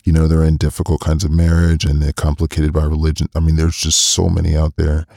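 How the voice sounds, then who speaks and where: A man hosting a podcast interview, talking warmly and effusively, stumbling over restarts. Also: a bass voice, monotone, fast talker, creaky, dry recording, studio quality. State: emotional. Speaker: podcast host. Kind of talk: casual interview chat.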